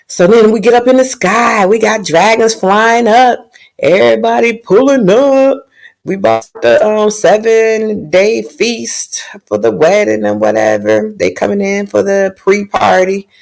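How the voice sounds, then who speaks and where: A woman's voice: medium pitch, creaky, a little mellow. A woman casually recapping a TV episode in a slangy, joking way with plenty of swearing. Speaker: TV show recapper.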